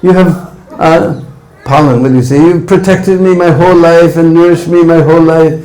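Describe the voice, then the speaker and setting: A man voicing a selfless mother cow in a sermon story, gently insistent. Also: a little high, fairly even intonation, normal speed, pitched above the performer's own voice, lightly acted, low-quality recording.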